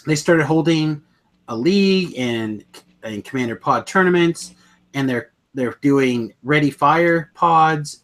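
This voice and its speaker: A podcast co-host chats casually and enthusiastically about card games, often rambling and correcting himself mid-sentence. His voice is medium-pitched with a fairly bright tone.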